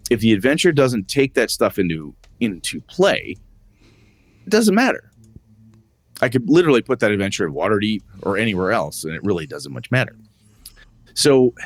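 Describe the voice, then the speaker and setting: A man co-hosting a tabletop gaming podcast, chatting casually and acting out quotes from his players. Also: dry recording. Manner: animated, acts out quotes with rising pitch. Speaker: podcast co-host and game master.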